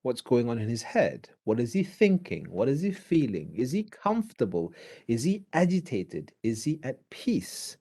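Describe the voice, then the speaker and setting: This drama lecturer, a man with a Malaysian accent, speaks in a mid-range voice with a breathy edge at a moderate pace. He's animated, moving between Malay and English and acting out what he teaches.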